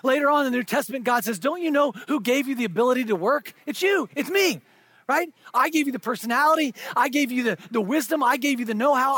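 A male pastor delivering a sermon in a strikingly high, breathy voice. He leans in with quiet, intimate asides, then builds to loud, drawn-out proclamations. The sound is close and dry, with no room echo. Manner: swings from hushed, intimate asides to shouted, drawn-out emphasis.

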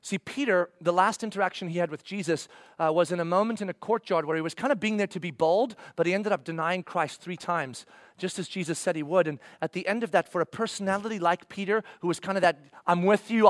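A man preaching a sermon, acting out scenes in voices and swinging from loud bursts to hushed, slow passages. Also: high voice, no echo, clean studio sound.

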